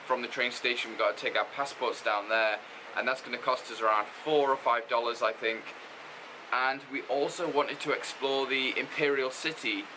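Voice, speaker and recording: A man's voice: mid-range voice, steady tone, moderate pace, background noise. Chatty Geordie man vlogging outdoors. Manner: chatty, loose, says "like" a lot. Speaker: travel vlogger. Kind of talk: casual travel vlog narration. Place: outdoors on city streets.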